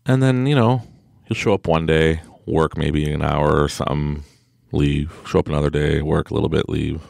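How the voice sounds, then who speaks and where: A man's voice: rumbling low, vocal fry, no echo, studio quality. A man hosting a podcast, telling a rambling story in a casual monologue, full of fillers and mocking quoted voices. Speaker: podcast host.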